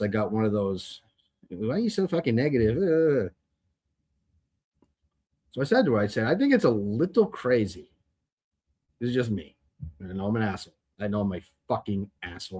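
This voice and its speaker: A man hosting a podcast, ranting in a casual, rambling monologue with plenty of profanity and restarts. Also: lowish voice. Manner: blunt, profane and rambling, with many fillers and restarts. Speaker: podcast host.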